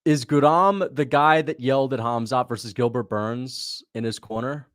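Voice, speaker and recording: Hosting a casual livestream, a young man reacts to fights in a mid-range, fairly bright voice. He chats loosely, laughs easily, reads out donations and thanks viewers, all in clean studio sound without echo.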